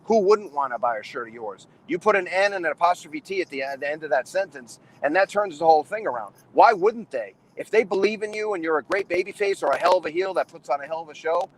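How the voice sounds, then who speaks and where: Fast-talking, animated middle-aged man. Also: on the high side, slight background noise, low-quality recording. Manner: rambling, restarts often, calls people man and brother; animated and emphatic. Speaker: wrestling trainer and show host. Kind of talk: casual chat.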